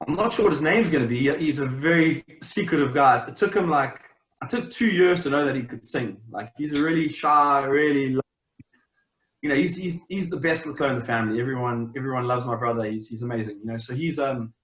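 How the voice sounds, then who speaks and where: In a brisk, slightly bright mid-range voice, a young South African champion swimmer talks casually as an interview guest. He rambles with many fillers and restarts, and the audio has a roomy echo.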